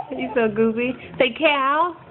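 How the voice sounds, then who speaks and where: A woman's voice: high-pitched, big pitch swings, slow. A young mother coaxing her toddler to name animals and say words, making animal sounds, recorded on a phone. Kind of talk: casual baby talk at home. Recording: tinny phone recording with music behind.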